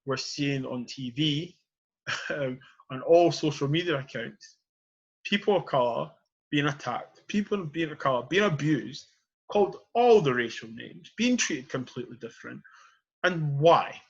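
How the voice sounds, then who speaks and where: A man's voice: on the high side, animated, unhurried, gravelly, slightly rough, dull audio. A man hosting a podcast, arguing his point with passion and leaning on "you know" and "period". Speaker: podcast host. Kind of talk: passionate casual debate.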